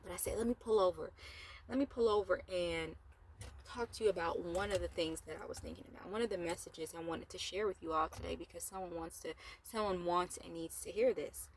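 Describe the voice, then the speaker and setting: A woman's voice: fairly low pitch, brisk, a little hiss or hum. Chatty woman talking from her car. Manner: chatty, rambling, with laughs and asides. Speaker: motivational vlogger. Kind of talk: casual motivational talk. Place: parked car.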